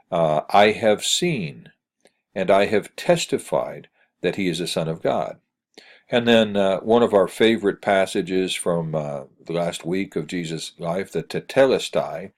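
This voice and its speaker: A man teaching Greek grammar in a recorded screencast lecture, halting and full of "uh" fillers as he reads examples aloud. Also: deep voice.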